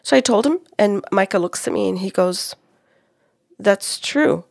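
Gravelly-voiced woman telling a story. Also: mid-range voice, unhurried, no echo. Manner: animated, quotes spirits and clients, laughs often. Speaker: psychic medium, co-host. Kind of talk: storytelling about a reading.

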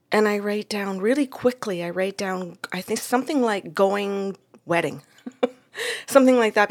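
A woman telling a story from a client session in a casual, animated way, acting out the voices in it and laughing often. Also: mid-range voice.

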